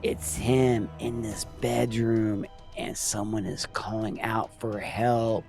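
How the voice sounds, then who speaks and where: A man's voice: lowish voice, little pitch movement, slow, vocal fry, a little mellow, faint music behind. Man reading a subdued guilty mother.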